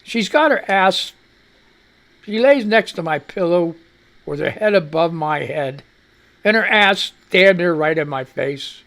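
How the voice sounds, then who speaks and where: A man's voice: high-pitched, measured pace. A man hosting a live talk show, rambling casually and reading news headlines with his own blunt commentary. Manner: animated, swears freely, chats to his cat. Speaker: radio show host.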